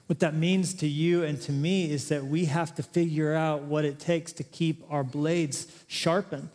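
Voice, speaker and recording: A man's voice: fairly high pitch, steady tone, measured pace, darkish tone. A male pastor preaching a sermon, chatty and joking at times, then building to emphatic, rising exhortations. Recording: long reverb of a large hall.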